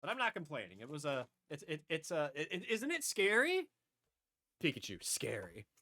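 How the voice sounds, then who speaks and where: Man, casual live-stream chatter, rambling, fairly high voice, dry sound. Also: wildly swooping pitch, fairly quick, pushed and bright, no echo. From upstate New York. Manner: rambling, chatty, repeats himself.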